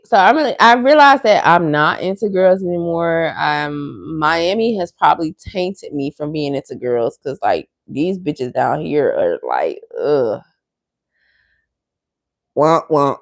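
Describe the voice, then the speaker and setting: A woman's voice: fairly low pitch, no echo. A woman hosting a livestream, ranting bluntly and profanely to her viewers in casual chat. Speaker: livestream host. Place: Miami area.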